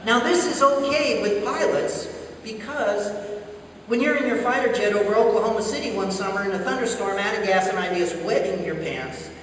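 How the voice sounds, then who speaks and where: A man's voice: high-pitched, normal speed, slight background noise. A man giving a humorous storytelling speech at a conference, acting out radio voices as he goes. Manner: animated anecdotal delivery, acts out radio voices. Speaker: keynote speaker. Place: large conference hall. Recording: echoey hall, speaker far from mic.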